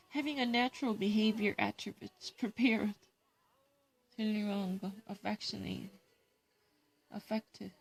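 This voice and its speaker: Korean-accented woman, gravelly husky voice, casual vocab study, reads word and definition then explains. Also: medium pitch, fairly even intonation, fairly quick, long pauses.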